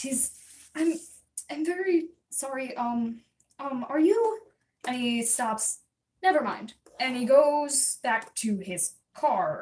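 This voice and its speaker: A young adult woman livestreamer telling a story to her chat in a rambling, chatty way, full of quick asides. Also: sits high. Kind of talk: casual storytelling to live chat. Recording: voice a bit distant from the mic.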